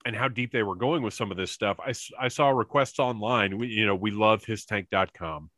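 A man co-hosting a casual fan podcast, telling stories in an excitable, animated way with quick asides over a remote call mic. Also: fairly low pitch, dry recording, clean studio sound. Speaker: podcast co-host.

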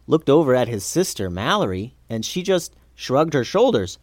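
Animated male children's storyteller. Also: medium pitch, normal speed, hardly any pauses, no room sound, studio quality. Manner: expressive, animated reading.

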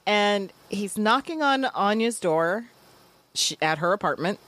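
A woman's voice: medium pitch, expressive, unhurried, fairly bright tone. Laughing woman recapping a TV episode. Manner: laughs often, acts out lines from the episode. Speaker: podcast co-host. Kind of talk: casual chat recapping a TV episode.

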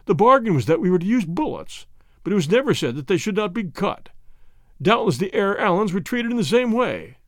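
A man's voice: high voice, very animated, a bit bright, no room sound, clean studio sound. A man doing a sly, smug young Boer rival. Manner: cool, drawn-out speech.

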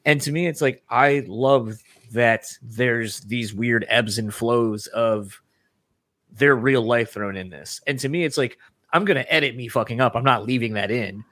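A man's voice: medium pitch, a little slow, a bit bright, no room sound. A man co-hosting a podcast in casual chat, talking candidly in a rambling way and swearing casually. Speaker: podcast co-host.

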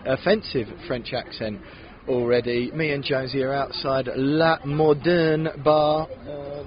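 A man's voice: mid-range voice, highs cut off. A man with an English accent co-hosting a casual podcast, chatting outdoors at a city-centre bar. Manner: chatty, self-deprecating, builds in excitement. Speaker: podcast co-host. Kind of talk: casual chat.

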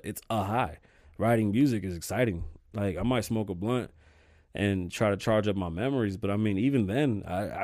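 A young man hosting his own podcast, ranting casually and cursing a lot, flaring up in heated bursts and then sinking back to a low mutter. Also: a little mellow, no echo, studio quality. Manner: profane, heated rants that drop to low muttering. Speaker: podcast host.

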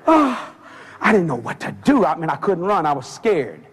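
A man preaching a sermon, telling a story with lots of energy and shouting out the voices he quotes. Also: fairly high pitch, fairly quick, husky. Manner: animated, shouting quoted voices, laughing along.

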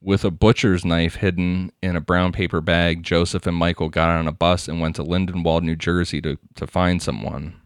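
A man's voice: low-pitched, little pitch movement, normal speed, few pauses, no room sound, studio quality. A man hosting a podcast, telling a crime story in a casual, crude, laughing way. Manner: laughing, crude, conversational narration. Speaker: podcast host.

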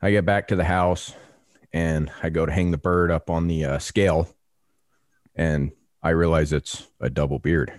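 A man co-hosting a podcast, telling a story in a casual, animated, salty way and acting out voices. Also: extremely low pitch, moderate pace, no echo, studio quality. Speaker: podcast co-host.

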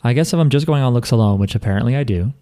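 Male podcast host, mid-pitched, relaxed and rambling, reads mail aloud. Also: rapid-fire. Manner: laid-back, rambling, reads listener emails aloud. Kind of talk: casual chat.

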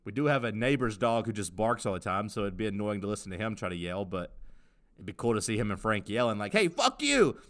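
A man's voice: lowish voice, fast talker. A man co-hosting a podcast, rambling and joking in casual chat. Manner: rambling, joking, lots of fillers. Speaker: podcast co-host.

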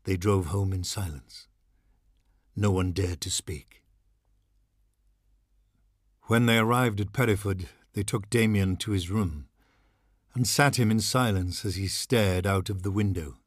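A man narrating a horror novel as an audiobook, measured and somber. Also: sits low, no room sound, clean studio sound.

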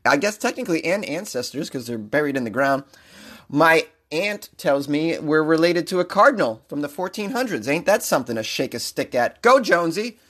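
A man's voice: on the high side, animated, fairly quick, fairly bright tone. A man hosting a comedic news podcast, rambling and joking in a self-mocking way. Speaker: podcast host.

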